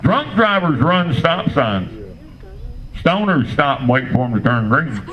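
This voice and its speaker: An older man with a drawl works a club crowd through a standup set. His voice sits a little high for a man, and he tells crude, rambling stories in a dry deadpan. The recording is dull and lo-fi. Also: unhurried. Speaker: standup comedian.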